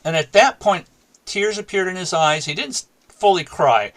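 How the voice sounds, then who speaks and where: Speaking at a normal speed, the man has a high-pitched, expressive voice with a touch of brightness. Once a teacher, he tells a talk show interviewer a story from his classroom and performs both sides of the dialogue.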